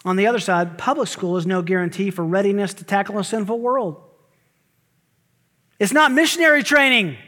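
A pastor preaching from the pulpit, a man with a notably high voice. He talks emphatically, jumping into sharp rising exclamations and quick asides. His words ring out with a long reverb through a church sanctuary. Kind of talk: sermon.

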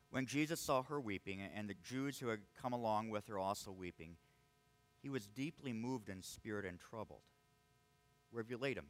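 A man preaching a sermon, earnest and emphatic, often restarting his words as he presses a point. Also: lowish voice. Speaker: pastor.

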